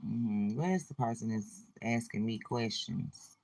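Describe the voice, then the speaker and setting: A woman's voice: very deep voice, slow, gravelly, noisy background. A woman hosting a livestream, chatting casually and informally with her viewers. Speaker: livestream host.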